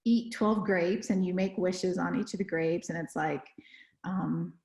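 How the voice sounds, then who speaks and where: A young Texan woman co-hosts a podcast from home, chatting casually and rambling with lots of fillers, restarts, and self-corrections. Her voice is fairly low, steady, and darkish, with vocal fry and a measured pace. The sound is roomy and the recording is rough.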